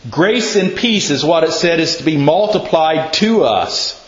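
A man's voice: a little high, lively intonation, measured pace. Folksy preacher man in an echoey hall. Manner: folksy storytelling, quizzes the listeners. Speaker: pastor. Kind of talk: casual sermon to a congregation. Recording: echoey, muffled room recording.

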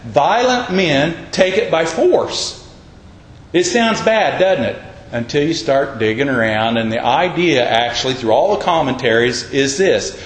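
Echoey pastor preaching with rhetorical questions. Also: male voice, on the high side. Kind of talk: sermon. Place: church.

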